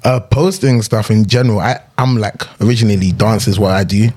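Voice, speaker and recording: Laid-back young English man, low voice. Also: a little fast, darkish tone. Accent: British English. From England. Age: young adult. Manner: laid-back, slangy, laughs often. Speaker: podcast guest, comedian. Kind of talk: casual chat.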